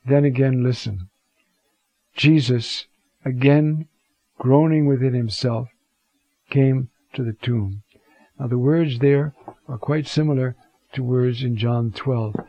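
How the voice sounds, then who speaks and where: A man teaching a Scripture talk in an unhurried, reflective way, pausing often as he looks up verses. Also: mid-range voice, warm tone, no echo, muffled recording. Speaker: Bible teacher.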